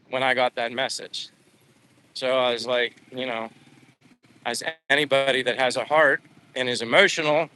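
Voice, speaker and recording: A man's voice: mid-range voice, pushed and bright. A middle-aged man vlogger telling a personal story in a casual live stream, emotional and rambling with many restarts.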